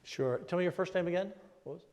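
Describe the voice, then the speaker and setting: A man's voice: high-pitched, fast talker, a little mellow. An older man answering audience questions at a conference, telling stories in a folksy, emphatic and combative way. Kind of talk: casual conversational Q&A at a policy conference. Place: large conference hall. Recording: long hall reverb.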